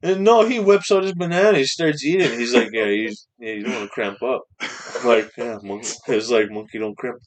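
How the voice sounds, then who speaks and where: A man's voice: medium pitch, a little fast. A young man from Canada telling a rambling, profane story on a casual podcast, acting out the other people's lines. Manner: swearing, animated anecdote with quoted voices. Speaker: podcast guest.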